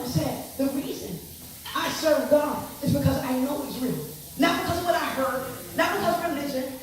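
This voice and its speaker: A woman telling her testimony to an audience, expressive and repeating her words as she acts out what people said. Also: sits high. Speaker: speaker giving testimony. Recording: echoey room from far off with noise.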